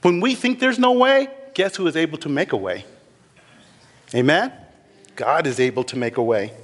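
A man preaching a sermon as pastor, animated, acting out scripture figures with laughter. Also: on the high side, normal speed, in a large hall.

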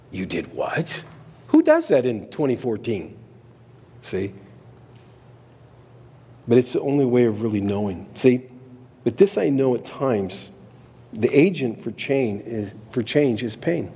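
A middle-aged man preaching a sermon as pastor, reading scripture and chatting conversationally, acting out quoted voices with big jumps in pitch. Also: mellow, breathy edge. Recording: long reverb of a large hall.

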